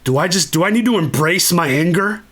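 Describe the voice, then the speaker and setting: A man's voice: sits high, animated, brisk, fairly bright tone. A man voicing a conflicted young male hero, torn and exasperated, swearing as he talks.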